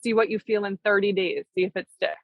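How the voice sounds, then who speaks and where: A woman's voice: medium pitch, quick pace, vocal fry, dry recording, phone-quality sound. A young adult woman co-hosting a casual talk show, speaking earnestly and reflectively. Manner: earnest, reflective, says "right?" and "like" often. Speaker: podcast co-host. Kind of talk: casual conversation.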